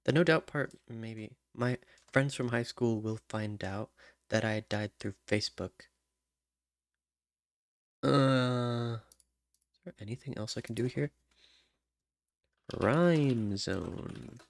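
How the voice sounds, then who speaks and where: Unhurried male songwriter thinking aloud, halting, hums melody fragments; close, dry recording. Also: medium pitch, no room sound. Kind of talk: thinking aloud while writing lyrics.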